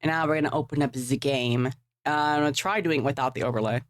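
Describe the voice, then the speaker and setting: A woman's voice: extremely low pitch, fairly even intonation, fast, dry recording, clean studio sound. A woman livestreaming, chatting casually and rambling with offhand swearing while setting up a game. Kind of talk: casual live-stream chat while gaming.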